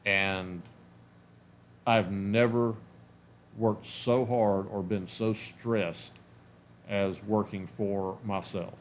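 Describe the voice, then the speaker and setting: A man's voice: lowish voice, steady tone, very slow, long pauses, slight background noise. Sleepy, yawning man chatting on a live stream. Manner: rambling, self-interrupting, chatty. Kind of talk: casual live stream chat. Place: at home.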